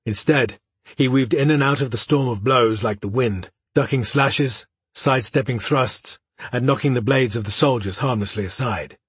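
A man narrating a fantasy audiobook in a steady, even storytelling voice. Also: medium pitch, normal speed, husky, dry recording.

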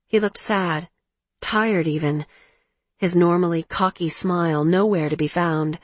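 A woman narrating a first-person romance audiobook in a measured, emotional way. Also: lowish voice, steady tone, no echo.

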